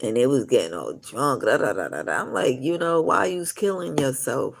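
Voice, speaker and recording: Gravelly man telling rambling stories. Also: mid-range voice, animated, moderate pace. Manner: rambling, full of "you know" asides. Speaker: live streamer. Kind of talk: casual rambling storytelling.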